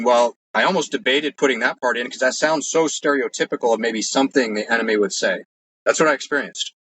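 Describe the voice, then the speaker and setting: Here a male interview guest recounts his personal experiences in casual, rambling fashion, earnestly restarting sentences and saying "like" a lot. He has a medium-pitched voice that sounds pushed and bright, captured on a rough recording.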